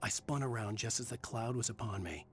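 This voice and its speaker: An actor voicing a haunted male writer who narrates his ordeal in a measured, brooding way, from a game. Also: medium pitch, soft background music, natural voice. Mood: tense.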